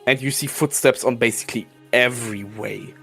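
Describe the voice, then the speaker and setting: Man, game master, loose chatty horror narration, gleeful gore, medium pitch, faint music behind. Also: a little fast, a bit bright, husky. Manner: casual, filler-heavy, gleeful gore description.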